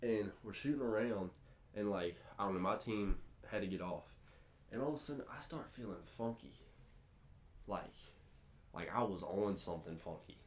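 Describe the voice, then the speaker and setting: A young man co-hosting a relaxed podcast with friends. His voice sits a bit low, and he tells stories with plenty of hype and sudden energy. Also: normal speed. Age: young adult. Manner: excitable storyteller, lively and hype-driven. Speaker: podcast co-host. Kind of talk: casual podcast chat.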